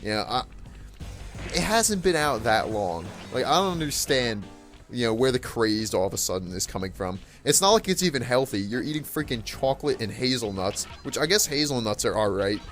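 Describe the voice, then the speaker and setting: A teenage boy chats through a casual rant while he plays a game. His voice sits at an ordinary middle pitch, and he stumbles over his words and restarts them as if puzzled. Soft game music plays faintly behind him. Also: very animated, normal speed. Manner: rambling, many fillers and restarts, puzzled tone. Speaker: gaming channel host.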